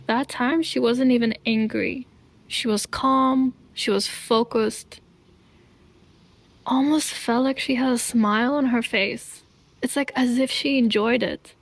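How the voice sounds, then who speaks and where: A woman telling her own life story to camera in an earnest, deliberate way, pausing between short phrases. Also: a little high, steady tone, no echo. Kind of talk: slow confessional storytelling.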